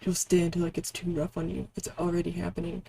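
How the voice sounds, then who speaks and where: A sulky young man wallowing in self-pity, read out by a woman in her own voice. His sarcasm lands in a low, gravelly tone. The delivery is dark and mellow rather than bright. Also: monotone, quick pace. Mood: bitter. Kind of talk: reading a game aloud.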